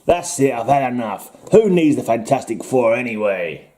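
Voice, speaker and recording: A man putting on the accent of a gruff, rock-skinned male superhero who is fed up, with an exaggerated tough-guy delivery. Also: on the high side, fairly even intonation, measured pace, mellow, roomy sound, voice pushed up, lightly acted.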